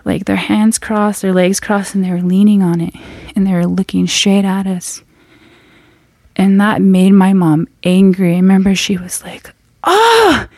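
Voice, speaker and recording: A woman telling a frightening personal story in an earnest, halting way, often restarting her sentences. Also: mid-range voice, flat delivery, dark tone, no room sound, studio quality.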